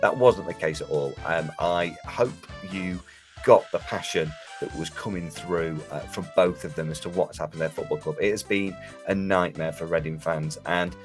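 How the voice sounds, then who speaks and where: A man's voice: deep voice, moderate pace, faint music behind. A man hosting a football podcast, chatting with guests over a call and then recording an earnest outro. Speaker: podcast host. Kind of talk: casual podcast chat and outro. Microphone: remote call.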